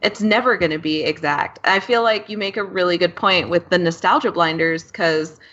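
A woman who translates, chatting casually in a relaxed, agreeable way. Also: lowish voice, normal speed, a little hiss or hum. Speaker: translator and co-host. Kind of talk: casual podcast chat. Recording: dull lo-fi sound.

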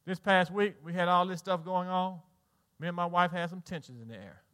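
This sermon comes from a middle-aged Southern US pastor whose high voice rings bright, forceful, clear and resonant. He speaks briskly, going soft and low before surging loud, with folksy asides to his congregation.

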